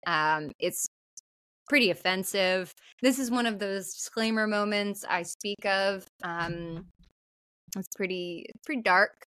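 A woman's voice: medium pitch, unhurried, sharp tone, clear, resonant tone, dry recording. Woman podcast co-host, casual chatty recap voice, very dry close sound. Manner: chatty, many fillers, swearing. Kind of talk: casual movie recap chat.

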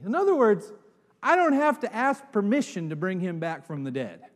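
Pastor guy preaching, high voice, goes quiet then big dramatic shouts, long echo in a church hall. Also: wildly swooping pitch, normal speed. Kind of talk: sermon.

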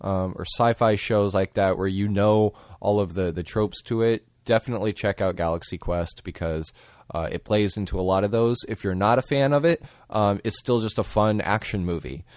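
Low-voiced man, dry and measured. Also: a little mellow, no echo. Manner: measured, thoughtful, frequent ums. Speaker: podcast co-host. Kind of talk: casual film discussion.

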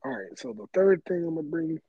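A young man in casual chat, slangy and animated, laughing often. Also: high voice, quick pace, vocal fry, slightly rough, dry recording, lo-fi sound.

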